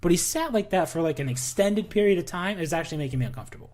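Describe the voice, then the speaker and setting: A man's voice: high voice, expressive, racing, darkish tone. A man co-hosting a casual sports podcast, telling rambling stories and swearing casually. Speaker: podcast co-host.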